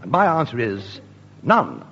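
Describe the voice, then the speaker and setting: A man performing radio sketch comedy, with a deadpan mock-lecturing delivery. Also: medium pitch, measured pace, gravelly. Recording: dull hissy old radio recording.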